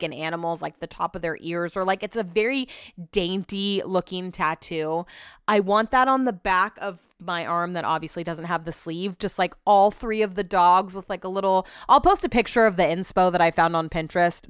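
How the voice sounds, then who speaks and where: A young woman hosts her podcast in a loose, rambling chat, full of fillers and asides. Her voice is smooth and clear, and the recording is close and dry with no room sound. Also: fairly low pitch, no echo. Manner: chatty, rambling, lots of "like". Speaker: podcast host. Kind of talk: casual solo chat.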